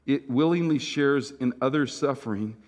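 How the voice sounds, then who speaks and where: With a mid-range voice, a middle-aged man preaches as senior pastor, keeping it conversational and throwing in remarks to the congregation. His delivery moves back and forth from loud and punchy to soft, slow and hushed.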